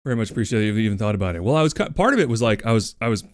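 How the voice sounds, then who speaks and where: A man's voice: on the low side, very animated, racing, no room sound. Guy on a cozy stream, chatty and playful, voice bouncing all over, dry close mic. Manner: chatty, thanks viewers by name, playful. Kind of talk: casual livestream chat.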